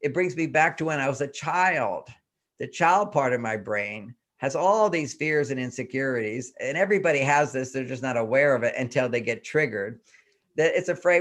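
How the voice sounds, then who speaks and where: A man's voice: mid-range voice, lively intonation, normal speed, a bit bright. An older man, a guest on a talk show, explaining in earnest tones. He asks himself question after question and acts out the inner voices as he goes. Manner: self-questioning with repeated rhetorical questions. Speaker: guest relationship expert.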